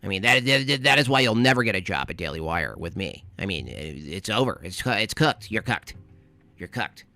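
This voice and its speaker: A man's voice: fairly low pitch, big pitch swings, normal speed, sharp tone, faint music behind, full character voice. A man putting on the voice of a pompous, preachy conservative pundit, fussing and lecturing in a comedic impression. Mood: scolding. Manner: pompous, scolding, fussy. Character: smug, preachy male conservative pundit, middle-aged.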